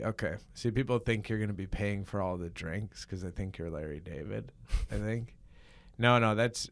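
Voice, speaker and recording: A man's voice: on the low side, smooth. A man hosting a comedy podcast, joking and rambling, laughing often before an improv scene. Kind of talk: casual comedy chat.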